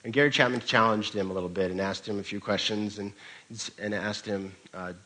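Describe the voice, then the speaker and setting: A man's voice: on the low side, fairly even intonation, a little fast, sharp tone, poor audio. A man preaching a sermon as pastor, telling a story in a conversational way with occasional restarts.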